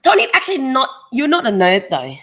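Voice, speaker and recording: A woman's voice: sits high, wildly swooping pitch, a little fast, fairly bright tone. A woman with a Thai accent, from Thailand, answering viewers' questions in a casual live chat, candid and teasing her husband.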